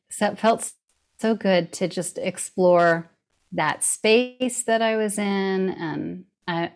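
A woman's voice: mid-range voice, takes it slowly. A middle-aged woman in casual conversation, speaking thoughtfully and laughing easily. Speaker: guest.

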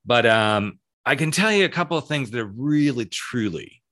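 A man's voice: lively intonation, normal speed, fairly bright tone. A man over forty who grew up in the American South, hosting a solo advice podcast in a chatty, cheeky, emphatic way. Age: 40s or older. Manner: chatty, cheeky and emphatic, with swings in pitch and pace. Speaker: podcast host.

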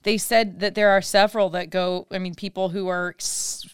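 Woman co-host, clear smooth tone, dry close sound, chatty and curious. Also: mid-range voice, flat delivery, normal speed, dry recording. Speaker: podcast co-host. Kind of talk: casual chat.

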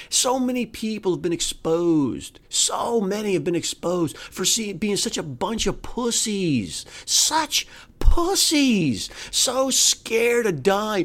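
A podcast host delivering an angry, profane, sarcastic solo rant. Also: medium pitch. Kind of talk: solo ranting monologue.

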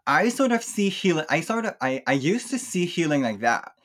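A man speaking English as a second language, talking reflectively and softly with many fillers in a casual chat. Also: on the high side, big pitch swings, normal speed. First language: not English. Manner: reflective, soft-spoken, with frequent fillers. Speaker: podcast guest. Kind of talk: casual chat about emotional healing.

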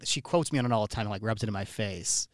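A man's voice: fairly low pitch, fast talker, dry recording, studio quality. A man from Iowa hosting a podcast, telling rambling personal stories in casual chat with lots of restarts. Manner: rambling, storytelling with many restarts. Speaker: podcast host. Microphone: studio microphone.

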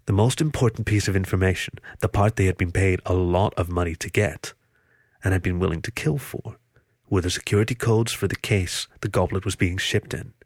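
Low-voiced man reading a story. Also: fairly even intonation, fairly quick, dry recording. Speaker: audiobook reader. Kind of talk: story narration.

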